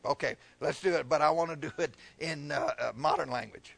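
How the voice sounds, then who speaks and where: A man preaching a sermon, shouting out whoops, reading scripture slowly and loudly, and joking with the congregation in a folksy way. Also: fairly high pitch, vocal fry, no echo.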